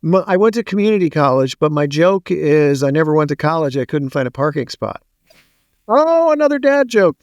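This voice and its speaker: On a podcast, a middle-aged co-host chats loosely, weaving stories around dad jokes, puns and quick asides. His voice leans high and sing-song; there's no echo, though the audio sounds dull.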